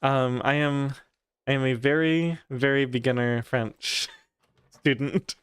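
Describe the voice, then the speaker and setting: A man's voice: medium pitch, fairly even intonation, slow pace, fairly bright tone, smooth, no echo. A man streaming a game, chatting casually and thinking aloud with fillers. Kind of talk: casual chat while gaming.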